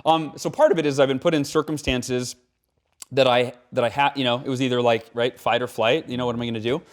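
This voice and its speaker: Earnest guy in his 40s, guest on an interview show, talks animated, acts out little quotes. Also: mid-range voice, fast talker. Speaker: author and speaker, guest. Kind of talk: casual interview talk.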